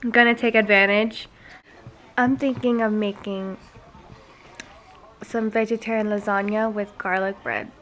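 A woman's voice: mid-range voice, level tone, unhurried, pauses often, fairly bright tone. A young woman, a mother vlogging in her home kitchen, talking in a chatty, teasing way to a handheld camera. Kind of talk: casual home vlog chat. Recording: faint background noise.

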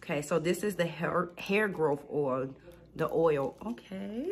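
Excited woman gushing over an unboxing. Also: deep voice, measured pace. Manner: excited, gushing, addresses viewers as y'all. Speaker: small business unboxing vlogger. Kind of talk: casual unboxing chat.

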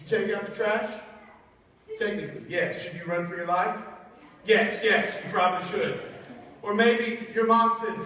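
A woman teaching a playful Sunday school Bible lesson to children, jokey and animated, swinging from loud bursts to hushed asides. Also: lowish voice, moderate pace. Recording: echoey hall from far off.

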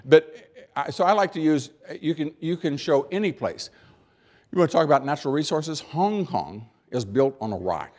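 An American man giving a keynote speech, emphatic, with dry humor, rhetorical questions and deliberate pauses for effect. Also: fairly high pitch, lively intonation, a little mellow. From United States. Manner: rhetorical questions and repeated build-ups. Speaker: keynote speaker.

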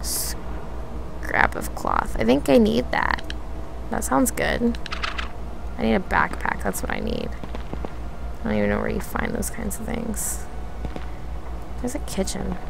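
A young woman streaming a survival game, chatting to herself with lots of fillers, slipping into high panicked pleading at times. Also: huge pitch swings, slow pace, vocal fry, long pauses, noisy background. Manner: chatty, filler-heavy, talks to herself while exploring; panicked high-pitched pleading when attacked. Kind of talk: casual live-stream commentary.

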